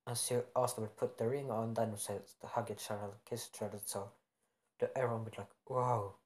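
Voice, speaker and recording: A man's voice: lowish voice, flat delivery, brisk, darkish tone. Rambling young man telling a fan story. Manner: rambling, self-correcting, many fillers. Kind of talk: improvised fan-fiction narration.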